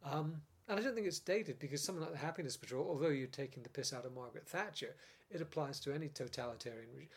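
An older British man, a former script editor, telling stories in a casual interview with lively laughs and frequent restarts. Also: mid-range voice, breathy edge. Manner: animated storyteller, laughs often, many restarts.

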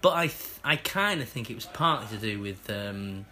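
A man with a Stockport accent, an actor chatting as an interview guest, self-mocking and quick to laugh. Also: fairly low pitch, expressive, sharp tone. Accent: Stockport, northern English. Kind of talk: casual interview chat.

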